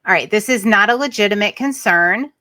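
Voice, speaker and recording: A woman's voice: medium pitch, fairly quick, sharp tone, dry recording. A woman hosting a podcast, giving practical business advice in a chatty, emphatic way. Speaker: podcast host. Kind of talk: casual advice chat.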